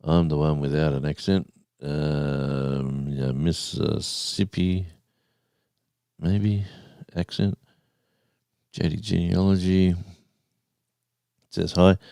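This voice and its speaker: A man's voice: deep voice, warm tone, clear, resonant tone, no echo, clean studio sound. A man hosting a live stream, telling a rambling story in casual chat and reading out names from the chat. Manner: rambling storyteller, reads chat names aloud, says mate.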